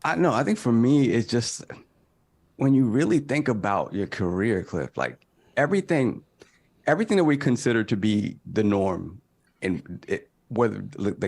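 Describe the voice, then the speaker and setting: A male podcast co-host with a fairly low voice asks long, thoughtful questions. He meanders through his points before getting to the ask. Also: darkish tone. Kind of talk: casual interview question.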